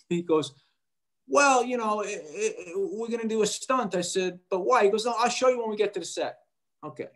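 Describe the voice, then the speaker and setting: A middle-aged man tells a story as an interview guest, fairly high for a man's voice. He is animated and brings the people in his story to life by acting out their lines. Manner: animated, acts out quoted voices. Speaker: actor guest.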